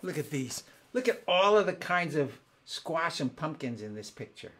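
Excitable man chatting on a family show. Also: on the high side, moderate pace. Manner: excitable, chatty, warm with kids. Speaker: family concert singer and host. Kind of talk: live-streamed family show, chatting with viewers. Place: home in Southern California.

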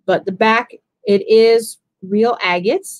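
A woman's voice: on the high side, fairly even intonation, slow pace, no echo, poor audio. A woman hosting a live jewelry auction stream, chatting casually as she describes each piece.

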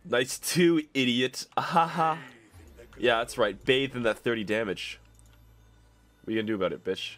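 A young man with a stuffy nose giving excitable commentary over his own gameplay, trash-talking opponents. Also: lowish voice, a little fast, pauses often. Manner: excitable, swings to loud yelps and trash talk. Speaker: gaming YouTuber. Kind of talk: game commentary.

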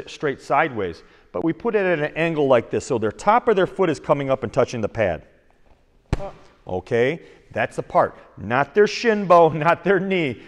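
A man's voice: medium pitch, in a large hall. A man teaching an online martial arts class for kids, explaining kicks and calling out commands. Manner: energetic, calls out commands to kids.

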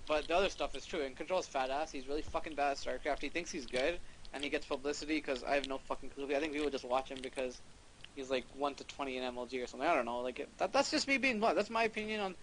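A man's voice: on the high side, fast, fairly bright tone, a little hiss or hum, poor audio. A young man arguing bluntly and defiantly as a guest in a heated casual chat. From Canada.

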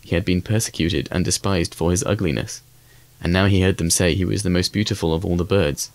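Deep voiced guy reading a fairy tale audiobook, calm and even, dry close sound. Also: fairly quick, dry recording. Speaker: audiobook reader. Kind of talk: scripted storybook narration.

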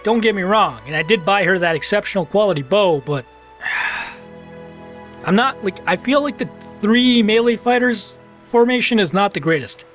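A man giving casual let's-play commentary. He is excitable, swears casually, and talks back to the game as he plays. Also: high-pitched, normal speed, soft background music.

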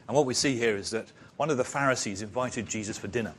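A man's voice: mid-range voice, quick pace, fairly bright tone, a little hiss or hum. A man preaching an expository sermon in church, retelling a story in a conversational way with rhetorical questions.

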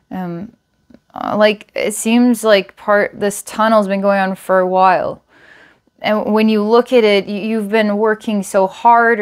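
A woman giving an intuitive psychic reading, talking in a halting, searching way with many fillers and repeated words, sometimes slow and hushed. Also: mid-range voice, clean tone. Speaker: psychic reader.

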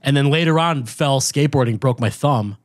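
A man's voice: medium pitch, fairly quick, no echo. A laid-back man co-hosting a podcast. He tells loose stories with a laugh and swears casually. His voice sits mid-range and sounds dry and close. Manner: relaxed, laughing, swearing storyteller. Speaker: podcast co-host.

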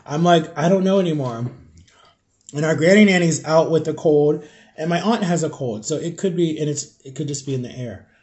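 A man with a stuffed-up nose, talking in a halting, rambling way while eating on camera at home for his vlog. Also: fairly high pitch, darkish tone. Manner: rambling, halting, searching for words. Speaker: vlogger. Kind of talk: casual confessional vlog.

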